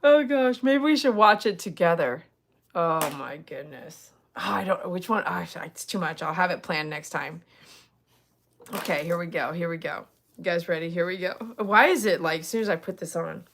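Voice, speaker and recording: A woman's voice: fairly low pitch, normal speed, a bit bright, slight background noise. A woman dog groomer hosting a live stream, chatting playfully with viewers and giggling often. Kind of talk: casual live-stream chat. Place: at home with dogs.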